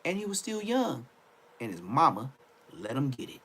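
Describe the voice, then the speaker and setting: A young man ranting on a livestream, loud and mocking, repeating phrases and stammering. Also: medium pitch, huge pitch swings, normal speed, slightly rough. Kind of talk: trash-talking rant on a livestream.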